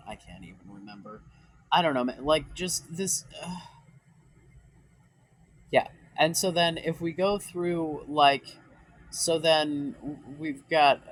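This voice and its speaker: A young dating advice vlogger rants in a casual vlog, his voice cracking after crying. He's rambling, exasperated and profane, with lots of fillers and restarted sentences. His mid-range voice is fairly bright, and the recording is dry and low-quality.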